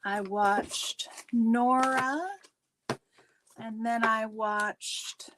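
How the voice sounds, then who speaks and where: A woman hosts a relaxed livestream, chatting easily and greeting viewers one by one. Her voice sits a little high, and she takes her time with each phrase. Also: drawn-out words, noisy background. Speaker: livestream host. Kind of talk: casual livestream chat.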